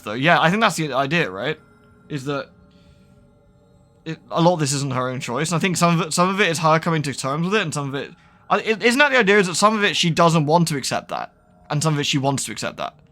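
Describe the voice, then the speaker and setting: Chatty man, slightly high voice. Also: sharp tone. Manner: rambling, chatty, cooing baby-talk to his cat. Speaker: gaming streamer. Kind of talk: casual let's-play commentary.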